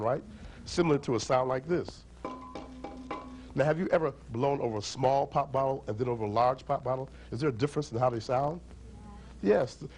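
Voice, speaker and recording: The recording is rough, capturing a medium-pitched storyteller and musician at a library event. He teaches children about instruments and storytellers with lively energy, drawing them into call-and-response chants.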